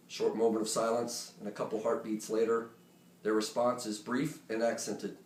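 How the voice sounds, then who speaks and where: Male storyteller, conversational and animated, on stage. Recorded distant and echoey. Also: on the low side, a little fast. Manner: conversational, animated, joking asides. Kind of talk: live personal storytelling to an audience. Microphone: phone or camera recording from the room. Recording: roomy, distant, faint ambience.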